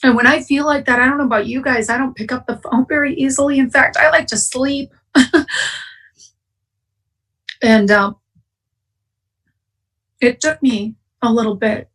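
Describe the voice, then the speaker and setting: Breathy woman sharing her recovery story. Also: sits high, moderate pace, long pauses, a bit bright, far from the mic, rough recording. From Wisconsin. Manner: emotional, candid, choking up at times. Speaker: AA speaker. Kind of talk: personal recovery share. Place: online conference, at home.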